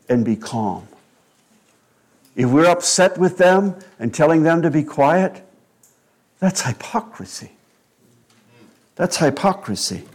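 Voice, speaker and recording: A man preaching a sermon in a slow, measured and earnest way, with quiet asides. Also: medium pitch. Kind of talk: sermon on child-rearing.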